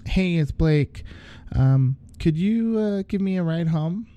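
A seething young woman with a short fuse, pitched a little high and snapping out threats, as a man reads her lines. Her tone is dark and mellow, the room dry. She comes across as grieving and raw, ready to lash out. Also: expressive, slow, dry recording. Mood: pleading. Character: furious grieving young woman, hot-tempered.

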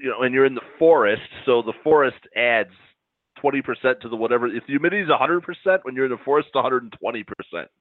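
A man's voice: medium pitch, fast, no echo. A man from central Wisconsin co-hosting a podcast, chatting casually with dry, wry jokes. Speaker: podcast co-host. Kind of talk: casual chat. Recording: tinny phone-like sound, dry.

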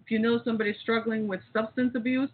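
A woman's voice: fairly high pitch, flat delivery, fast talker, a little hiss or hum. Preachy woman host on tinny audio. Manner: preachy, rousing, addresses listeners directly. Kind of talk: impassioned call-in radio monologue.

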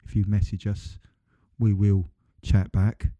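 A man's voice: on the low side, little pitch movement, takes it slowly, warm tone, muffled recording. A man co-hosting a podcast in casual chat, rambling and correcting himself as he goes. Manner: rambling, self-correcting, chatty. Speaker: podcast co-host.

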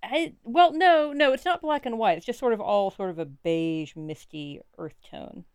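A woman's voice: medium pitch, moderate pace, smooth, dry recording, studio quality. A woman co-hosting a casual podcast, wry and playful as she muses. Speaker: podcast co-host.

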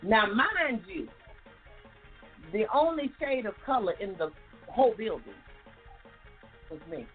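A woman life coach telling an animated faith testimony in a folksy, preachy way, repeating words for emphasis. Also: on the high side, slow pace, pauses often. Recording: tinny phone-like sound, faint music.

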